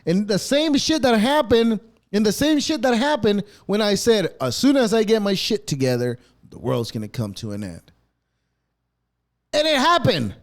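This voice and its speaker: A man's voice: sits high, very animated, normal speed. A man hosting a podcast, delivering a rambling, sarcastic rant full of swearing. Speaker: podcast host. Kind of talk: profane ranting monologue.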